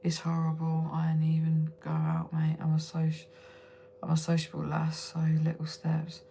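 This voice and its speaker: A woman's voice: deep voice, completely flat delivery, normal speed, vocal fry, dark tone, slight background noise. A young woman hosting a casual live stream from home on her phone, chatting with viewers, laughing often and swearing freely. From United Kingdom. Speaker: livestream host.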